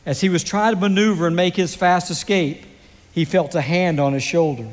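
A man preaching a sermon, telling a story slowly and dramatically with pauses. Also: high-pitched, fairly even intonation, big-room sound. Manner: slow, dramatic delivery with pauses. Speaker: pastor.

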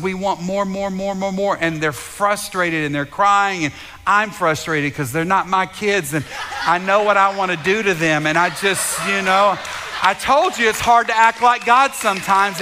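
A pastor with a high-pitched voice preaches to his congregation, fervent and repetitive, often saying words twice and addressing listeners directly. There's background noise, and the recording carries the long reverb of a large hall.

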